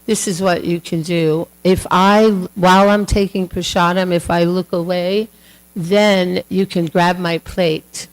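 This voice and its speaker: A woman doing a gentle, kindly male god. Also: on the low side, steady tone, measured pace, clean tone, natural voice, poor audio.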